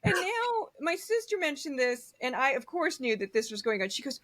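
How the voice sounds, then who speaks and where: A woman political commentator talking in a casual, animated way, acting out quotes and laughing often. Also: sits high, normal speed. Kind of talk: casual conversation.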